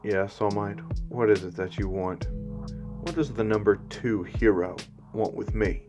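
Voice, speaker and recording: A man doing a cold, calm official. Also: on the low side, unhurried, faint music behind, natural voice. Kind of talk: fan story narration.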